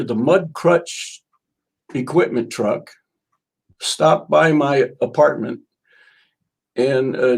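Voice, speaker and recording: This older man, a musician on as a guest, has a slightly high voice with vocal fry and a darkish tone. He coughs while spinning rambling interview stories and reading passages from his own book.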